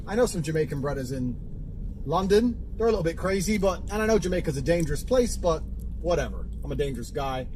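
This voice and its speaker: A swaggering man tells a profane travel anecdote. His lively, fairly high voice rushes along and swings widely in pitch. Steady ambient noise sits under the clip. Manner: brash, swaggering, lively storytelling. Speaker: storyteller.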